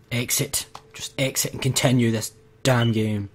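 A man commentating his gameplay, exasperated and ranting to his viewers. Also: mid-range voice. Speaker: let's play gamer.

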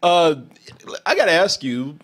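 A man's voice: fairly high pitch, very animated, measured pace, fairly bright tone. An American man hosting a casual interview, jokey and enthusiastic. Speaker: interview host.

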